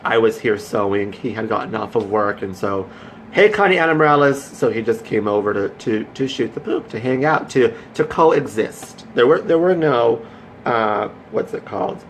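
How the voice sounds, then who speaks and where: Animated man telling a rambling story. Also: lowish voice, normal speed, a little hiss or hum, poor audio. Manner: animated, rambling storyteller who turns motivational. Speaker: vlogger. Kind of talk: casual storytelling vlog.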